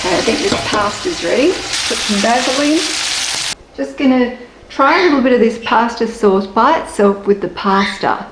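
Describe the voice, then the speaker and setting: Australian woman, fairly high voice, chatty and excitable, echoey kitchen, faint background noise. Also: moderate pace. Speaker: food vlogger. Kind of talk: casual taste-test vlog. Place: home kitchen.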